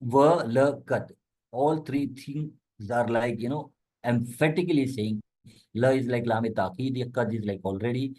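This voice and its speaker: Man giving a relaxed religious talk. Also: medium pitch, poor audio. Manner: explains Quranic Arabic words, recites verses quickly, conversational fillers. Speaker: Islamic lecturer. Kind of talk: religious lecture.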